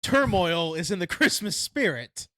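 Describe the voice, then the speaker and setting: A man co-hosting a podcast, sardonic and profane as he chats, with his pitch swinging widely. His voice sounds dry and close to the mic. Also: big pitch swings, unhurried, sharp tone, dry recording. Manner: sardonic, swears. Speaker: podcast co-host. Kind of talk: casual chat.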